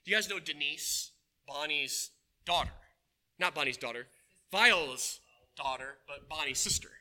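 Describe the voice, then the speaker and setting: A man preaching a sermon to his congregation, telling stories in an animated way and asking them questions. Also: a little high, moderate pace. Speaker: pastor. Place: church.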